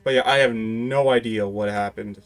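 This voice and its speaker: Canadian dude, lowish voice, casual game chat, telling people where stuff is. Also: male voice, steady tone, moderate pace, soft background music. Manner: practical, gives directions. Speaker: co-player.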